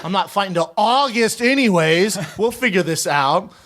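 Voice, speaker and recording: A man's voice: high voice, animated, normal speed, a bit bright. A man in his thirties telling boastful stories in a casual chat as co-host. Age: 30s. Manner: boastful storytelling, mimics others. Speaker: podcast co-host.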